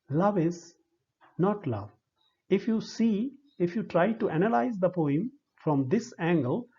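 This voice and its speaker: A man with an Indian English accent giving a slow, deliberate lecture, spelling out syllables one by one. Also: high voice, warm tone, slightly rough. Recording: dull lo-fi recording.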